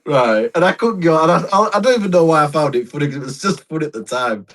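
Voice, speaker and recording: A man's voice: fairly high pitch, lively intonation, fast talker, fairly bright tone. A man co-hosting a casual podcast, telling rambling anecdotes with restarts and laughter. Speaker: podcast co-host. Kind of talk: casual chat, storytelling.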